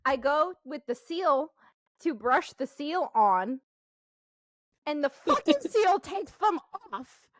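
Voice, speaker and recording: A woman with a high voice tells a rambling story in casual podcast chat. She swears freely, laughs often and talks in an animated way. The sound is dry and close. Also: slow pace, no echo. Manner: animated, profanity-laced storytelling with frequent laughter. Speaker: podcast co-host.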